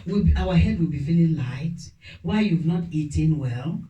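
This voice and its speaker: A woman's voice: low-pitched, expressive, moderate pace, warm tone, dull audio. A woman preacher giving a chatty sermon, telling stories about herself and often laughing. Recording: echoey room, distant mic, faint noise.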